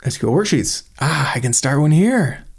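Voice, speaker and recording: A man hosting a screen-recorded walkthrough of a software tool, thinking aloud in a chatty, enthusiastic way as he clicks through it. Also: on the high side, lively intonation, moderate pace, vocal fry, breathy edge. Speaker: channel host reviewing a software tool.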